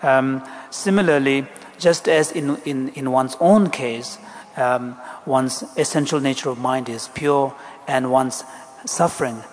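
A man interpreting a Buddhist teaching into English, explaining in a measured, deliberate way. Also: mid-range voice. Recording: echoey hall, faint background noise.

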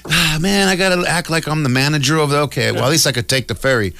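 A man's voice: a little high, fast, gravelly, crowd noise. A man voicing a middle-aged liquor store manager who talks in easygoing slang. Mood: laid-back.

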